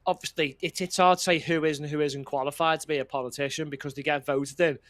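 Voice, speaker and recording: A man's voice: on the high side, steady tone, fast talker, a bit bright. A man co-hosting a casual political chat, talking bluntly and swearing as he rambles. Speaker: podcast co-host.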